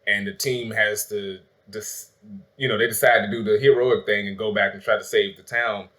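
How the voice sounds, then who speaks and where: A man's voice: on the low side, fairly even intonation, normal speed, a bit bright. Profane man recapping a movie. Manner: loose and profane, acts out quotes with laughs. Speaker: host of a movie review channel. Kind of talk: casual spoilery movie review chat.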